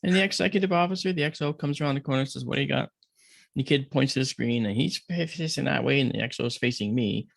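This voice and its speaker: A man's voice: mid-range voice, fast talker, creaky, hardly any pauses, no echo, studio quality. A middle-aged man as a podcast guest, telling a story in casual conversation and acting out the voices of the people in it.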